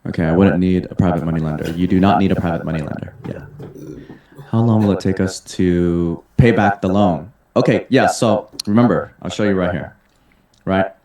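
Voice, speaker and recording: A man's voice: deep voice, normal speed, warm tone. A man hosting a live webinar, reading out audience questions and answering them in an upbeat, salesy way. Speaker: webinar host and mentor. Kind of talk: casual webinar Q&A. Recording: roomy echo.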